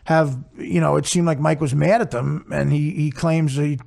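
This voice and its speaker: Gravelly high-voiced man, teasing host. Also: steady tone, darkish tone. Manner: teasing, reads aloud haltingly. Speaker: podcast host. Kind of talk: casual chat.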